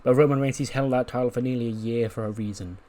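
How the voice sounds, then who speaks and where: A man voicing a determined veteran male wrestler who talks in a measured, sarcastic way. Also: medium pitch, fairly even intonation, dark tone, lightly acted.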